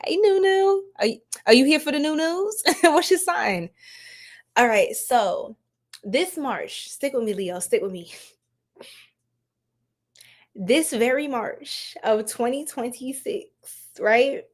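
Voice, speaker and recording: Woman, tarot reader, livestream chat, laughs a lot, lively pitch, fairly high voice. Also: slow pace, long pauses. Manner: laughs often, chatty, talks to viewers in the chat. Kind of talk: casual livestream tarot reading.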